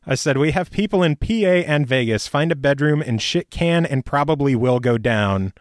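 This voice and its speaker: A man's voice: medium pitch, moderate pace, dry recording, studio quality. A man hosting a podcast, chatting casually about games with crude jokes and frequent laughter. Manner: joking, crude, laughs often. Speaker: podcast host.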